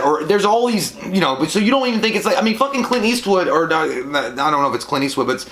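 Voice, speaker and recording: A man co-hosting a casual movie chat, animated and profane, breaking into silly shouted impressions. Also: high voice, fast talker, few pauses. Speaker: co-host. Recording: echoey room.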